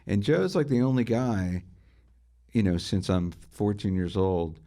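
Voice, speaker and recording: Deep, gravelly middle-aged man telling stories. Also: expressive, unhurried, warm tone. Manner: enthusiastic anecdotes, full of rhetorical questions. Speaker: interview guest, guitarist and music writer. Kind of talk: storytelling in a conversational interview.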